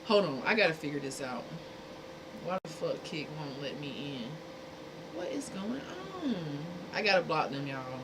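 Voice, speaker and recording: Woman streamer, blunt and exasperated, casual talk to chat, mid pitch, noisy background. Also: big pitch swings, measured pace. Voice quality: speaking from a dentist's perspective. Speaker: livestream host.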